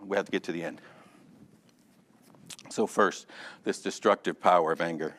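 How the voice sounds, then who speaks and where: A man teaching a Sunday school Bible lesson in a lively, conversational way, calling on class members by name and joking along the way. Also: low-pitched, normal speed, a little hiss or hum. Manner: animated, addresses class members by name, jokes.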